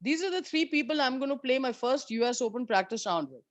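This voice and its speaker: A woman golfer telling stories of her years on tour in an interview, animated and candid, swearing freely. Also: high-pitched, fast, dry recording. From India. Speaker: professional golfer guest. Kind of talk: storytelling in an interview.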